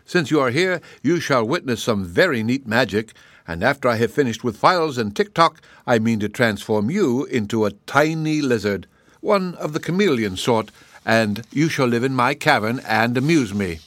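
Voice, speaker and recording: A man voicing a boastful old gnome king who talks in a loud, bragging, indignant way. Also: mid-range voice, animated, moderate pace, dry recording, natural voice. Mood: gloating.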